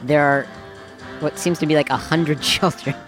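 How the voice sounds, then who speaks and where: A man's voice: a little high, steady tone, normal speed. A man interviewing a storyteller, reacting with incredulous, joking remarks. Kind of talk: casual conversation. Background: background music score.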